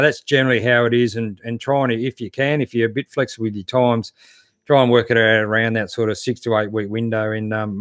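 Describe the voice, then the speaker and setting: A man's voice: medium pitch, no echo. Laid-back Australian man, dry sound. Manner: laid-back, matey, lots of fillers and restarts. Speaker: 4WD channel host. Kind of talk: casual live-stream chat reading viewer comments.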